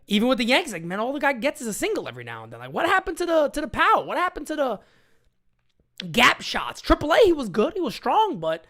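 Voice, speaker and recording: A man's voice: very high-pitched, huge pitch swings, quick pace, bright, forceful tone. A man hosting a casual sports live chat, talking in a blunt, rambling way and reading out viewer comments. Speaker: live-stream sports show host.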